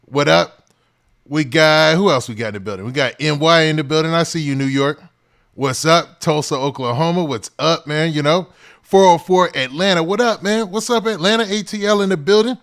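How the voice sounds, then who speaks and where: A man hosting a hip-hop news livestream. He talks in a relaxed, casual way and keeps saying "man" and "what's up". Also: a little high, moderate pace. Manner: laid-back, repeats "man" and "what's up" often. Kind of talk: casual livestream shout-outs.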